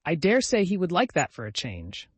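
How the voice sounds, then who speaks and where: Male reader doing a bold young woman with a sharp tongue, audiobook, dry booth. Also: fairly high pitch, moderate pace, dry recording, close to an everyday voice. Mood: defiant. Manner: tart, cutting retorts.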